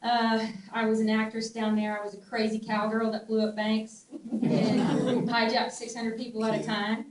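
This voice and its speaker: Animated storytelling woman with a twang. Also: a little high, moderate pace. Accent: Southern US twang. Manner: animated, laughs often, trails off and restarts. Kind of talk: casual storytelling. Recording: echoey room, distant mic, faint ambient noise.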